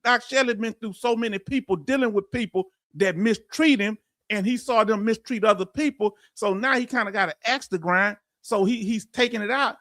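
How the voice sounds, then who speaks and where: A man's voice: high-pitched, moderate pace, fairly bright tone, no echo, studio quality. A man with a Southern Texan accent hosting a casual livestream, blunt and straight-talking as he speaks to his viewers. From Houston, Texas. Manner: blunt, straight-talking, addresses chat directly. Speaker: livestream host.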